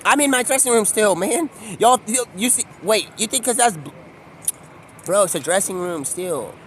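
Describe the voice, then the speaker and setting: A man's voice: high-pitched, lively intonation, normal speed, a bit bright, slight background noise. Rambling man live-streaming on the street. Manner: rambling, free-associating, jumps between topics. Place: outdoors on a city street.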